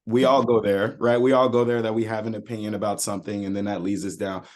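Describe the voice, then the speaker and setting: A man's voice: lowish voice, flat delivery, fast talker. A man hosting a podcast, talking loosely with slang and restarting his sentences as he frames questions for his guest. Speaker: podcast host and coach. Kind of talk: casual podcast conversation.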